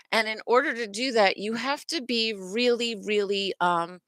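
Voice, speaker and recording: A middle-aged woman hosts a self-worth lesson as teacher, speaking in a casual, earnest teaching style and often stopping to restart or correct herself. Her medium-pitched voice has a sharp tone and a slightly slow pace with few pauses, recorded without echo.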